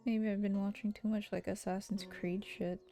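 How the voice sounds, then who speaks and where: A woman's voice: mid-range voice, little pitch movement, a little slow, dark tone, soft background music. A young woman streamer chatting casually and giggling while she voices a visual novel. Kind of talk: casual stream chat and voice-through.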